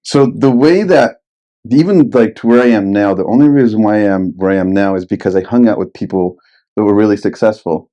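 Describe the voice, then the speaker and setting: A man's voice: fairly low pitch, a little fast, dark tone. A young man telling rambling, expletive-laden stories in a casual podcast chat. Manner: rambling anecdotes, heavy swearing.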